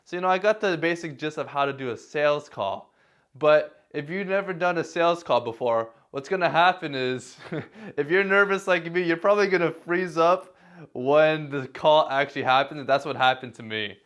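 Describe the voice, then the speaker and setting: A man with a slightly high, a bit bright, clear and resonant voice vlogs casual advice at a moderate pace. This talking-head piece is self-deprecating, full of fillers and restarts, with an occasional chuckle.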